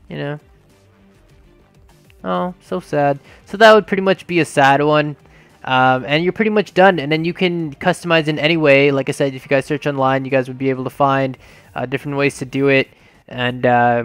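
A man giving a casual, rambling game tutorial voice-over, filling pauses with ums and uhs as he walks through each step. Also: mid-range voice, smooth, dry recording. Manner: rambling and relaxed, many fillers, talks through each step. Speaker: video game tutorial maker.

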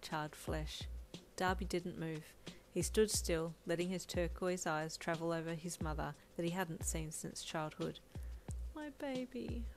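Woman with a lowish voice reading fanfic out loud, calm and even, soft lofi beat under it. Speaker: fanfiction narrator. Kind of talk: audio story narration. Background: faint lo-fi background music.

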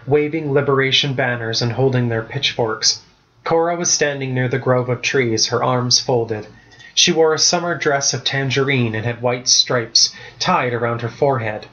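Male author narrating his book, steady and even, mid-pitch, muffled lo-fi sound. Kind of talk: storybook narration. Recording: muffled lo-fi recording.

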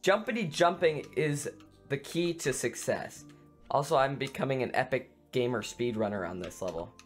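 A man giving excitable let's play commentary on a video game, screaming and making silly sound effects. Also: medium pitch, normal speed, faint music behind. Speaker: gaming YouTuber.

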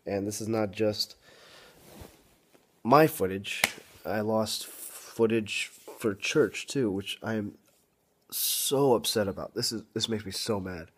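A young man talking straight to camera in a casual vlog, frustrated and apologetic, halting with many ums and restarts. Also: fairly low pitch, fairly even intonation, a little hiss or hum. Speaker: vlogger.

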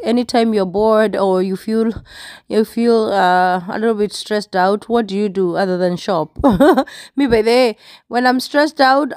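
A woman's voice: fairly high pitch, darkish tone, no echo. A woman vlogging in a chatty, rambling way, laughing at herself as she talks about shopping. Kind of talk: casual vlog chat.

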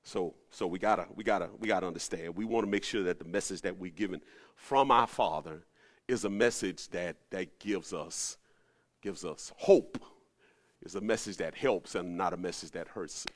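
A man preaching a sermon, animated, rising to emphatic peaks and dropping to low asides. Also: normal speed. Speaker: pastor. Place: at home during the pandemic.

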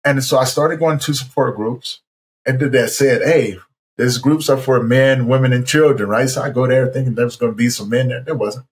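A man's voice: medium pitch, steady tone, normal speed. A man in his forties, a podcast guest, earnestly telling his own story in conversation, stressing points by repeating himself.

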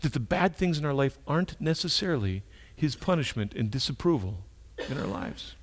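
High-voiced male pastor telling a story. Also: big pitch swings, brisk. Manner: storytelling, swinging between hushed and emphatic. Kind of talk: sermon.

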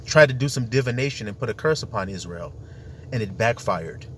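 A man's voice: on the low side, animated, a little fast, a little hiss or hum. A man preaching in an emphatic, rambling monologue, full of rhetorical questions.

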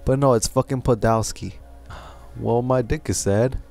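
A man's voice: mid-range voice, moderate pace, creaky, a little mellow, soft background music. A man hosting a gaming channel, giving casual commentary, frustrated and swearing as he grumbles about bad luck.

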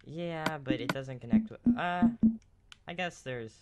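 A man hosting a let's play, chatting casually while building in a game, quick to direct and redirect his partner. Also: on the high side, heavy background noise. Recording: keyboard clicks loud behind voice. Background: keyboard clicking.

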